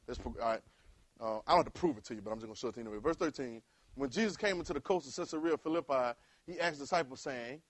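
A male preacher, delivering a sermon in call-and-response style that rises to loud exhortation. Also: medium pitch, very fast, no room sound.

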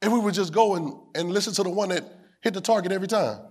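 A man a sermon in a call-and-response style. He repeats phrases, asks the room whether they hear him, and climbs to shouts. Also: high-pitched, fast talker, slightly rough. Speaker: preacher.

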